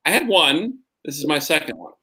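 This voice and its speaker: A man chatting on a show over a video call, easygoing and a little halting in his speech. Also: a little high, very animated, pushed and bright. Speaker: co-host celebrating his birthday. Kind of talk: casual video-call chat. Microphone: video call from home.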